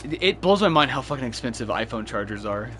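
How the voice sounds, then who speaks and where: A man's voice: medium pitch, expressive, quick pace, background noise. A young man chatting casually while gaming, swearing freely and laughing through his stories. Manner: profane storytelling, laughs often.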